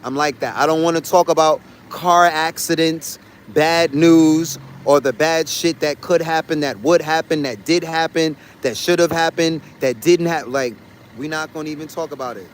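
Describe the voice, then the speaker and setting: A livestreaming traveler talks to his chat from a car or a city street, with slight background noise. His somewhat high voice is steady and unhurried with hardly any pauses as he rants bluntly, swears freely and hammers home points through repetition.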